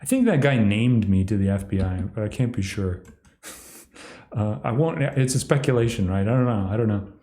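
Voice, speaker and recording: With a warm, lowish voice that's animated and moderately paced, a man riffs solo on a livestream, sardonic and mocking, occasionally doing exaggerated impressions. The room is echoey.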